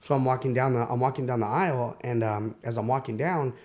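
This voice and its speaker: A man telling his own life story as a podcast guest, candid and halting, with many fillers and restarts. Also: mid-range voice, darkish tone. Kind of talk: personal storytelling.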